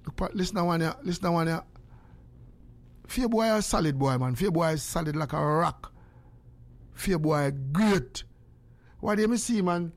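Older Jamaican man, lively storyteller who acts out quotes, a bit high voice. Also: moderate pace, pauses often. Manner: animated, acts out quoted exchanges. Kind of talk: casual storytelling and prayer.

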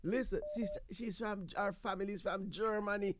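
A man with a Jamaican accent hosts a call-in radio show, bantering in patois, laughing often and repeating himself in casual chat. His voice is high-pitched and steady in tone, moving a little fast over a noisy background.

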